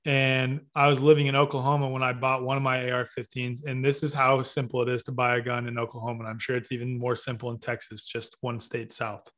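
Man in casual chat, mid-pitched. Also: completely flat delivery, quick pace, few pauses, a bit bright. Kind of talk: casual podcast conversation.

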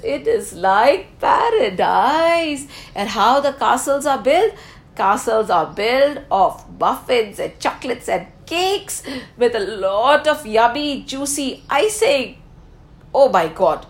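A woman, animatedly telling a story to children with exclamations and questions. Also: high-pitched.

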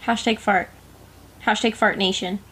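A woman's voice: medium pitch, steady tone, unhurried, a bit bright, slightly rough. A young woman as a podcast guest in casual chat, playful and teasing. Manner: teasing, playful, laughs often.

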